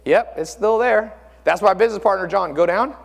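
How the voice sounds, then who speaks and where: A man in his thirties giving a live seminar talk, animated and asking the audience rhetorical questions. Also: high voice, a little fast, vocal fry. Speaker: speaker at a mentor conference. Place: conference room with audience. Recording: long reverb of a hall.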